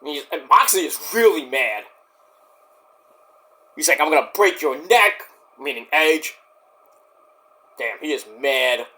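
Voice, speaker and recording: This man's voice sits fairly high, and he speaks at a measured pace with frequent pauses. His casual live-watch review of a wrestling show is excitable and full of swearing, with mimicked wrestler promos.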